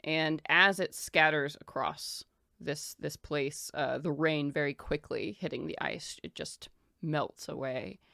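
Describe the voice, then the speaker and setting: Woman game master, somewhat low voice, dry close sound, chatty scene narration. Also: slow pace, gravelly, sharp tone, no room sound. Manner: loose, descriptive, filler-heavy narration.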